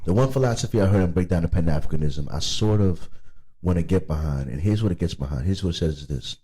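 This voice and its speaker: Deep-voiced New man, tipsy chat. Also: fast talker, dark tone, slightly rough. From United States. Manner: rambling, repeats words, slips into Jamaican patois. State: drunk. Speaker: podcast host. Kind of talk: casual chat.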